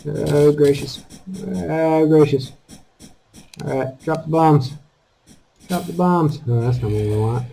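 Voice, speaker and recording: A man giving casual commentary over his own gameplay, taunting enemies and breaking into high exclamations. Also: slow, creaky, long pauses, a little hiss or hum, low-quality recording. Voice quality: calls his own voice squeaky. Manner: animated, talks to enemies, jumps to high exclamations. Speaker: gaming channel host.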